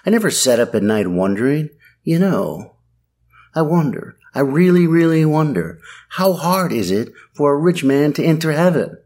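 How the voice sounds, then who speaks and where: A man's voice: on the high side, darkish tone. Wry, sardonic male preacher. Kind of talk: sermon.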